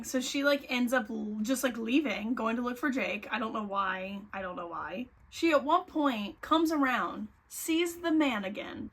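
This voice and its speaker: A young woman casually recapping a thriller novel, excitable and full of swearing and filler words. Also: a little high. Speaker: book reviewer.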